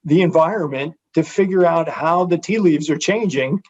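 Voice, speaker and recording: A man's voice: fairly high pitch, moderate pace, a little mellow. A man hosting an interview, responding in an affirming, conversational way. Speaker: interviewer host. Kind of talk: casual interview talk. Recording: dull lo-fi sound.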